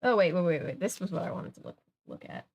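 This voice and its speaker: A woman's voice: fairly low pitch, wildly swooping pitch, quick pace, gravelly, darkish tone, slightly rough. A young adult woman on a livestream, chatting with viewers and reading a children's mystery book aloud. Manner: chatty, reacts to chat, reads aloud.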